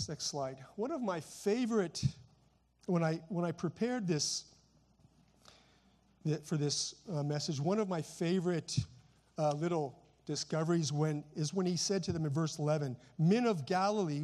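A middle-aged man preaches a relaxed, conversational sermon from his seat, his voice sitting noticeably high for a man. He talks informally, tosses in frequent "you know" asides, and keeps repeating a phrase to press on each word. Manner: preaching while seated. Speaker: pastor.

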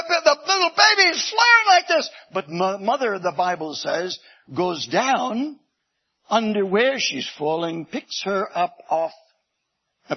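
A male preacher with a very high, husky voice tells a story in an animated way and often bursts into shouting. The recording is dull and lo-fi. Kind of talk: sermon.

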